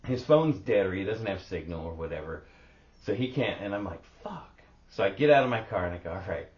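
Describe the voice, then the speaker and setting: Animated, swearing man with a low voice. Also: fairly quick. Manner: animated, swears a lot, acts out sounds. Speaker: podcast co-host. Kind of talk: casual storytelling chat. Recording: roomy, dull lo-fi sound.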